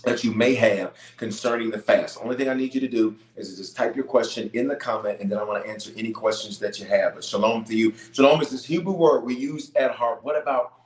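A man's voice: mid-range voice, quick pace, hardly any pauses, roomy sound. A man serving as bishop, leading a live-streamed prayer call, greeting viewers by place and answering their questions with emphatic repetition. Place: room at home base near Denver.

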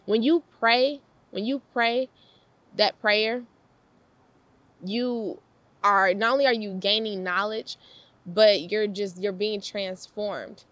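A young woman giving a casual devotional talk, lively and slangy, laughing often and repeating her phrases for emphasis. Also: mid-range voice, slow pace, dry recording. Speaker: faith talk host.

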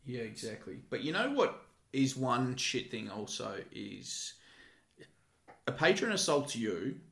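Man, gravelly and bright, casual swearing storyteller. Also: mid-range voice, takes it slowly, reverberant. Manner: swears freely, animated storyteller. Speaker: guest, former security guard. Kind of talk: casual podcast chat.

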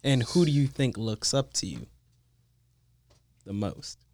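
A man's voice: mid-range voice, very animated, a little slow, darkish tone, dry recording. Upbeat podcast co-host, man, mid voice that moves a lot. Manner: upbeat, laughs between questions. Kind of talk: casual interview questions.

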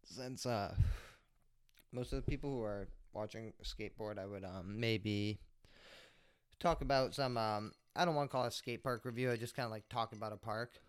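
A man's voice: on the low side, moderate pace, smooth, no echo, clean studio sound. A man hosting a homemade podcast, telling a casual story in a rambling way, full of fillers and swearing. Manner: rambling, heavy swearing, lots of filler words. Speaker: podcast host.

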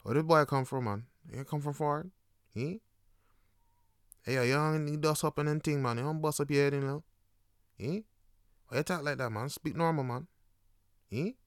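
A man voicing a Jamaican local who teases an outsider, speaking in a low, mocking drawl in Jamaican Patois. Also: moderate pace, pauses often, clear, resonant tone, no room sound, studio quality, close to an everyday voice. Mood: teasing.

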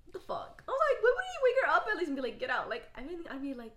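High, bright, fast-talking woman. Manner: animated, swears a lot, outraged reactions. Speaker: podcast co-host. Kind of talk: casual chat.

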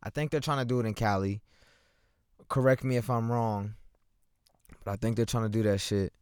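The speaker is a young man from Oklahoma, USA, who hosts a solo chat podcast, rambling and cursing freely into a microphone with headphones in his parked car. He has a lowish, darkish, clean voice, a steady tone, and normal speed, captured in studio quality with no echo.

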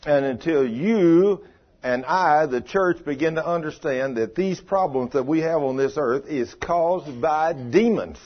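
An older man preaching a sermon, telling folksy stories and swinging between loud declarations and hushed asides. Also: on the high side, a little slow, muffled recording.

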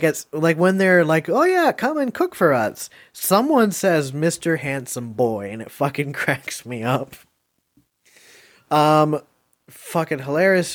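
A man hosting a casual podcast, rambling through favorite moments with lots of swearing, filler words and laughs. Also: fairly high pitch. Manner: rambling, profane, laughs often. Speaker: podcast host reviewing a film.

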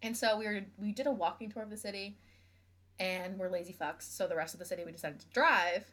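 A young woman chats casually as a podcast co-host in her everyday voice, with pitch in a middle range. She teases her co-host bluntly and swears freely, in a dry, no-nonsense way. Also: quick pace, a bit bright. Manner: blunt, teasing and profane. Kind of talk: casual chat.

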